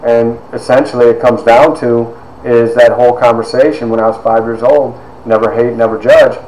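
A man's voice: medium pitch, flat delivery, moderate pace, a little mellow. A man giving a personal testimony as a storyteller, acting out the voices of people he quotes. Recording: echoey room with faint noise.

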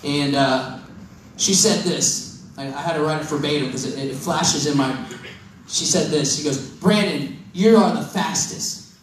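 A high-voiced young man from Missouri tells a sermon story in a loose, self-mocking, joking way. He sounds distant from the mic, with a big echo around him and faint room noise. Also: steady tone, normal speed, fairly bright tone. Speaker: preacher. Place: church hall. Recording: echoey hall from far off.

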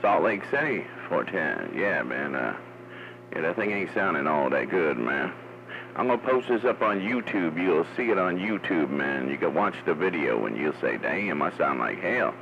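Deep-voiced, easygoing CB radio man. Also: big pitch swings, normal speed. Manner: laid-back, drawling, says "man" often. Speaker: CB radio operator. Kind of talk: casual radio chat. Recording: muffled radio audio with static.

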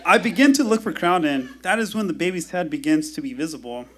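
A man telling a personal story at a live storytelling show, in a wry, measured delivery with dramatic pauses, into a stage microphone. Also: fairly high pitch, expressive, a bit bright, a faint crowd.

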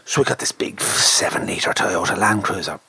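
An Irish man hosting a podcast, telling a story in a lively, animated way and acting out the people in it. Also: low voice, normal speed, gravelly, slightly rough, no echo. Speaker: podcast host. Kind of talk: casual storytelling chat.

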